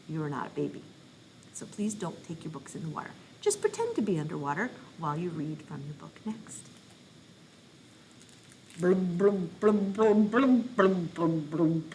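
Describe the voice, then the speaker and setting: With a lowish voice and a slightly quick pace, an adult parent who works as a children's librarian runs a playful reading program for children. She's silly, animated and encouraging, with faint hiss or hum in the audio.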